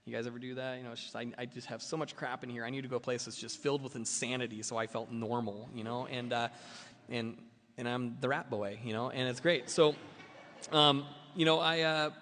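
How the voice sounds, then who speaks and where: A man's voice: medium pitch, fairly even intonation, a little fast, a bit bright. A man sharing his personal recovery story at a meeting, rambling and self-mocking with lots of fillers. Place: meeting hall. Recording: long reverb of a meeting hall.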